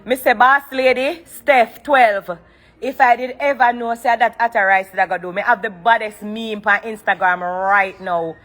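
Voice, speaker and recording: Jamaican woman, high pitch, casual laughing storyteller, big animated delivery. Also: normal speed. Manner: laughing storyteller mimicking a pleading man. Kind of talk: casual chat.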